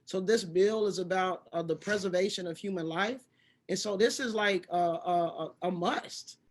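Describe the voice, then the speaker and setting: A woman speaking as a panelist in a discussion, halting and searching for her words. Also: fairly low pitch.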